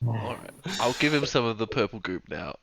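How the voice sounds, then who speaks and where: A man playing a tabletop game, solemn and soft-spoken when in character. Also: mid-range voice, animated, fairly quick, a crowd in the background. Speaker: player. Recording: loud background noise with keyboard clicks.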